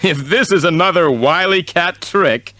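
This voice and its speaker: A man reading a young hero lord in a fairly natural, hearty voice. He sounds lively and bright, a straightforward hero in a read-aloud story. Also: high-pitched, unhurried, no echo, voice pushed up, full character voice. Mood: surprised. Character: confident young male cat lord.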